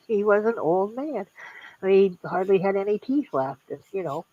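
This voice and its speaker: An older woman, a guest in a casual chat, talking haltingly with many restarts about a loss. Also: medium pitch, expressive, no echo, phone-quality sound.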